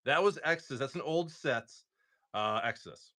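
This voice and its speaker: Man, live stream host, upbeat, bright crisp tone. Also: medium pitch, animated, moderate pace. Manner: upbeat, thanks viewers by name. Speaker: livestream host opening card packs.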